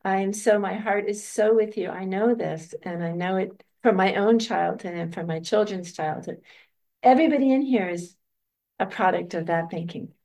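An older woman teaching meditation, answering a student with a gentle, reflective calm. Her voice sits at an ordinary middle pitch and she laughs easily between thoughts. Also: moderate pace. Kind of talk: dharma talk answering questions.

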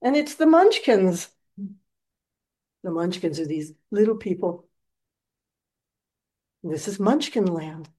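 A woman giving a dharma talk as a meditation teacher, telling a story in an animated, gentle and reflective way. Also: lowish voice, takes it slowly, long pauses.

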